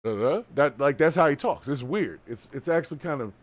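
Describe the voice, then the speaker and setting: A man hosting a live stream, reacting to a video with casual, animated, colloquial commentary. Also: fairly high pitch, a little fast, dry recording. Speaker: host.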